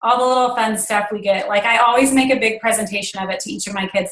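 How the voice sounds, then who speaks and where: A woman's voice: medium pitch, steady tone, fast, fairly bright tone, roomy sound, low-quality recording. A woman in her thirties, a guest speaker on a team call, telling a personal story in an earnest way with many fillers. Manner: earnest, emotional at times, filler-heavy.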